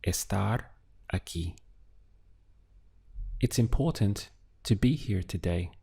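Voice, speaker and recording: A man teaching useful phrases in a slow, clear lesson, giving prompts and then the model answers. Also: lowish voice, animated, dark tone. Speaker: language teacher. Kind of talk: audio language lesson.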